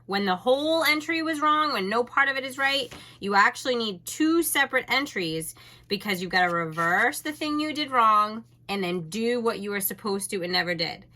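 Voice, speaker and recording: A woman teacher walking her class through a recorded lesson with a bright, clear tone. She explains each step patiently and chats casually with the students. Her pitch sits in the usual middle for a woman.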